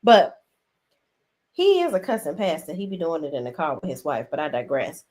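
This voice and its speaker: Animated woman recapping a show. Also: deep voice, normal speed. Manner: animated, acts out characters' lines in a raised voice. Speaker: show review host. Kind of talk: casual recap chat.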